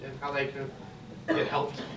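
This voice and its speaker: A man interviewing panel guests in a church, asking slow, careful questions. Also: mid-range voice, monotone. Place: large echoey church sanctuary. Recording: echoey room, distant mic, background noise.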